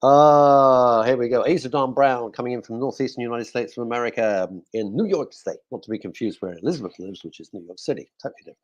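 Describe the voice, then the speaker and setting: A man's voice: medium pitch, fast talker, few pauses, a little mellow, lo-fi sound. A male radio host chatting casually in a studio, cracking jokes and reading out listener messages. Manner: jokey, rambling, talks to himself.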